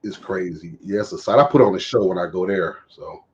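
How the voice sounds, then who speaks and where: A man's voice: sits low, a little fast, lo-fi sound, a little hiss or hum. A man hosting a casual chat, telling funny stories with lots of laughter and acted-out lines. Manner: laughing storyteller, acts out his own shouts. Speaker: host.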